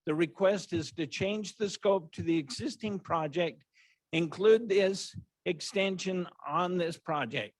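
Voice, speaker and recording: Guy with a fairly high voice reading project updates to a council, dry close sound. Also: dry recording. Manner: steady, plain delivery with occasional self-corrections. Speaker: transportation staff presenter. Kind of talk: reading project briefing at public meeting. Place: council meeting room.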